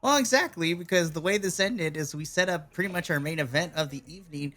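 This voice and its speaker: A man's voice: a little high, a little fast, bright, forceful tone. A man co-hosting a wrestling podcast, recapping events casually with playful quoted voices and laughter.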